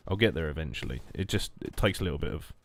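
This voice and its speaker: Low-voiced man rambling on stream. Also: fast, creaky, a little hiss or hum. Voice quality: low monotone voice. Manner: rambling, jokey, reacting to chat. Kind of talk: casual gameplay stream chat.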